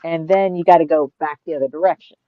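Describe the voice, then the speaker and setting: A woman in casual chat, calmly explaining practical details with easy fillers. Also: deep voice, fast talker, dry recording, phone-quality sound.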